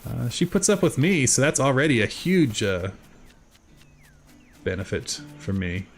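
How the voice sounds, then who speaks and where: A man in his thirties with a South Jersey accent streams a farming game, speaking a little slowly over faint background music. He chats casually and ramblingly with his viewers, reading chat and answering in a lively way with sudden high jumps in his voice.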